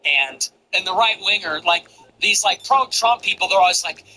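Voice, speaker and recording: Bright-voiced blunt male commentator. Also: high voice, expressive, moderate pace, slight background noise, low-quality recording. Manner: blunt, profane, mocking. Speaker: political commentator. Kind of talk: casual political commentary.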